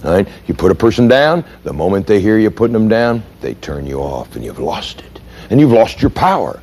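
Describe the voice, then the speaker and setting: A man's voice: fairly low pitch, very animated, moderate pace, creaky, darkish tone, slightly rough. A man giving a training lecture in an emphatic way, often putting questions to his audience.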